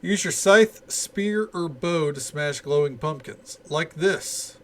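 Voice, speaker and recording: A man's voice: on the high side, animated, takes it slowly, a bit bright, a little hiss or hum. A man voicing an upbeat festival event announcer as he reads game dialogue aloud, with rallying, showy delivery. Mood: announcing.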